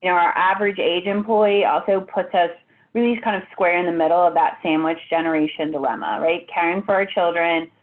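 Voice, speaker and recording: A woman's voice: lowish voice, steady tone, fairly quick. Woman presenting over a tinny line. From United States. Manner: polished but casual, frequent "you know". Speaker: benefits executive, panelist. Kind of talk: webinar presentation. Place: home. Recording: tinny phone-like audio.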